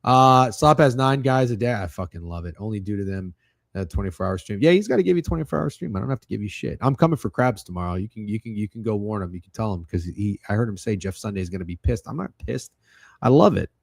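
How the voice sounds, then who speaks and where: A young man hosting a sports betting livestream, talking casually and excitably, swearing often and rambling through restarts as he runs through his picks. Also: on the low side, quick pace, vocal fry, no room sound, clean studio sound. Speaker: sports betting show host.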